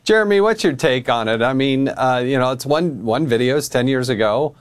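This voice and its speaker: A man's voice: medium pitch, lively intonation, a little fast. A man hosting a panel discussion, handing questions to guests in a hesitant, conversational way. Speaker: host.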